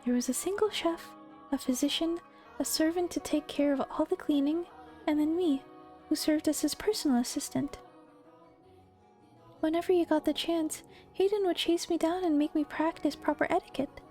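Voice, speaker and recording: A woman voicing a timid, polite young maid servant who narrates a visual novel, speaking softly and hesitantly. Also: high-pitched, moderate pace, soft background music, pitched above the performer's own voice, lightly acted. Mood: narrating. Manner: soft, hesitant, stammering.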